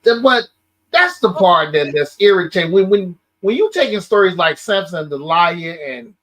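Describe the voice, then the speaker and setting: A man with a fairly high voice chimes in with casual chat. He stammers and restarts as he gets indignant, and his phrases come out in halting bursts. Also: lively intonation, fairly bright tone. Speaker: podcast co-host.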